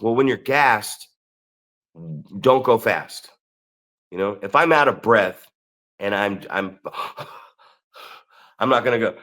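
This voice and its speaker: A man with an American accent co-hosting a wrestling podcast, telling stories in a sarcastic, profane, animated way. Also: lowish voice. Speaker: podcast co-host. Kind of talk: casual chat.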